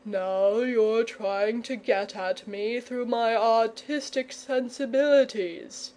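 A woman's voice: on the high side, steady tone, slow, dark tone. A woman voicing a nervous, polite, stubborn male dragon in a storybook reading. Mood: genial, fussy. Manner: polite, fussy and coy.

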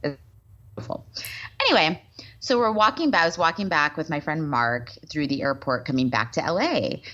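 A woman co-hosting a podcast, telling a story in a casual, animated way and acting out the voices of the people in it. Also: sits low, fairly quick, highs cut off. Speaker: podcast co-host. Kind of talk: casual chat. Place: Los Angeles.

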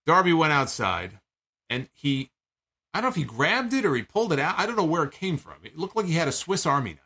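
A man casually recapping a wrestling match, animated and a bit profane, with fillers and restarts. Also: a little high, quick pace, slightly rough. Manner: animated, profane, incredulous storytelling. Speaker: wrestling show reviewer.

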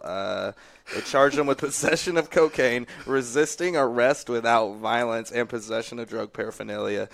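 A man's voice: mid-range voice, a bit bright, no room sound. A man with a mid-range voice tells strange news stories in a wry, amused way and keeps pressing with questions. His voice sits close and dry in the studio. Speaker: radio show host. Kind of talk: reading odd news stories and banter.

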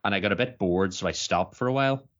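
A man co-hosting a podcast, laid back in relaxed, casual chat. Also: fairly low pitch, quick pace. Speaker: podcast co-host. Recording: dull lo-fi podcast audio.

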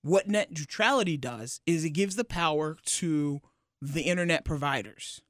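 A young man co-hosting a podcast, talking casually and explaining things haltingly, with many restarts. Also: fairly high pitch, fairly bright tone, dry recording, clean studio sound. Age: young adult. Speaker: podcast co-host. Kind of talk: casual chat. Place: radio building studio.

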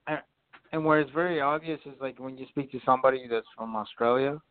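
A man's voice: medium pitch, fast talker, over a noisy crowd. A man chatting casually on a podcast, swearing freely and telling stories in a laid-back way. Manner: profane, laid-back storytelling. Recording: tinny phone-like audio.

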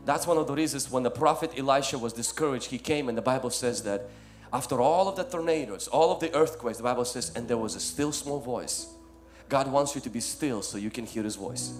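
A male pastor preaching a sermon, swinging from loud emphatic lines to soft ones and calling listeners "my friend". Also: mid-range voice, fast, faint music behind.

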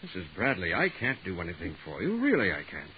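A man's voice: deep voice, quick pace, slightly rough, heavily acted. An actor playing a formal male postal official who speaks firmly, in 1940s radio acting style. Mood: uneasy. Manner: formal and firm, with lively ups and downs. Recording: tinny old radio broadcast with hiss.

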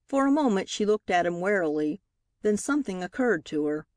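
A woman narrating a novel in a measured, expressive storytelling manner. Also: medium pitch, no room sound. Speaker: audiobook narrator. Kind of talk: scripted narration.

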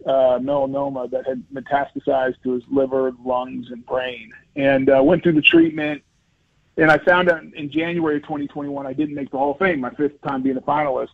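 Earnest, animated man on a phone-line radio interview. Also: on the high side, creaky, no room sound. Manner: earnest, animated storyteller with many restarts. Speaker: interview guest, former football lineman. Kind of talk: conversational interview storytelling.

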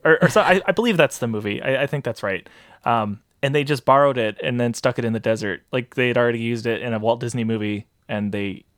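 A man's voice: mid-range voice, fast talker, no room sound, studio quality. A man hosting a casual podcast chat, explaining steadily and thoughtfully with hesitant restarts. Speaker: podcast host.

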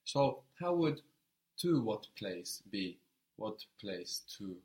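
A man's voice: fairly low pitch, very animated, takes it slowly, a little mellow. A man teaching a language lesson, patiently prompting a student and repeating her answers.

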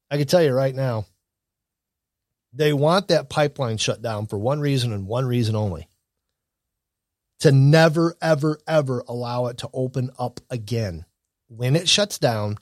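With a medium-pitched, expressive voice and a measured pace, a Michigan commentary host gives blunt, opinionated takes on news and politics, rambling and restarting as he goes. The studio audio is clean, with no room sound.

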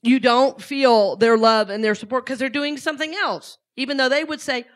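A middle-aged woman talks to a live audience in a relaxed, conversational way and keeps asking them questions. Her voice sits a little high. Her speech has natural fillers and restarts. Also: normal speed. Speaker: speaker.

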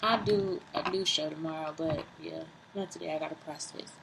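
A woman talking casually and profanely into her phone camera, lively, self-mocking and rambling. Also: deep voice, normal speed, gravelly, very noisy. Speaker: vlogger. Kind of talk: casual vlog monologue.

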